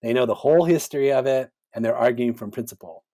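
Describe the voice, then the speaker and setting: Man, podcast guest, mid-pitched, thoughtful and animated, acts out quotes. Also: quick pace. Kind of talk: conversational interview.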